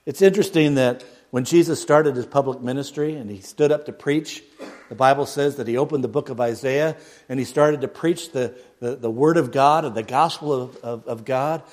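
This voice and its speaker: A man preaching a sermon, dropping to near a hush and then rising loud. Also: medium pitch, moderate pace. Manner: dramatic swings from hushed to loud, mocks a pompous prayer voice.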